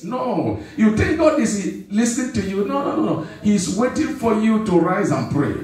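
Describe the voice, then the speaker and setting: Distant from the microphone in a large echoing church hall, a male pastor delivers an animated sermon at a slightly slow pace with few pauses. His high, swooping voice is a little mellow, and he drives points home through repetition and call-and-response with the congregation.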